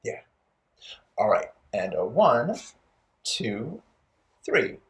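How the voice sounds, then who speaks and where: Playful, lively children's storytime host. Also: mid-range voice, very slow, soft background music. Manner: playful, encouraging, talks directly to young children. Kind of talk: children's storytime with songs and rhymes.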